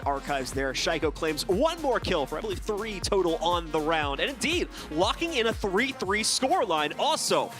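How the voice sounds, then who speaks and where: A man calling play-by-play as an esports caster, with rapid, animated delivery. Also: high voice. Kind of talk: play-by-play commentary.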